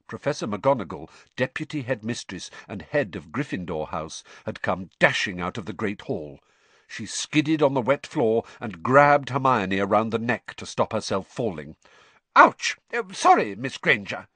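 A man narrating a novel aloud as an audiobook, in a measured, expressive storytelling manner. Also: lowish voice, slightly rough, dry recording. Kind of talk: scripted narration.

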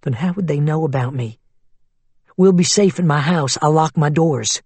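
A male narrator voices a worried, skeptical woman who questions and reasons things through in a level tone, at a moderate pace. The voice is husky, a little high, and darkish. The recording is close and dry, with no echo.

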